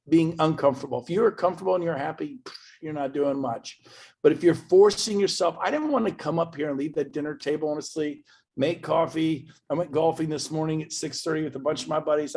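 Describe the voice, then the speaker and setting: A man speaking to an event audience as a motivational speaker, emphatic and swinging from loud bursts to quiet asides. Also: on the high side.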